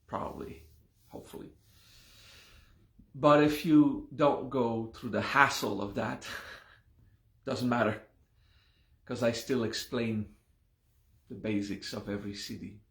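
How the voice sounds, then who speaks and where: A man teaching a live class, slowly and patiently explaining word meanings, checking in often with his students. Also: medium pitch, steady tone, echoey room. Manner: slow, explains patiently with repeated "okay?".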